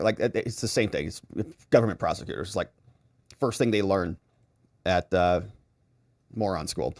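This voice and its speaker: A man's voice: lowish voice, normal speed, pauses often, no room sound, studio quality. A man hosting legal commentary, recapping courtroom events with sarcastic asides and acting out the lawyers and the judge. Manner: animated, acts out quoted lawyers and judge in shifting voices.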